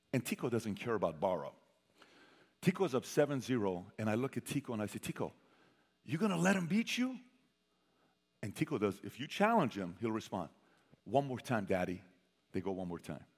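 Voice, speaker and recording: A man telling a personal story to a live audience as a motivational speaker. He quizzes the crowd and swings between loud bursts and hushed asides. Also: medium pitch. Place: large hall with an audience. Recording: long hall reverb.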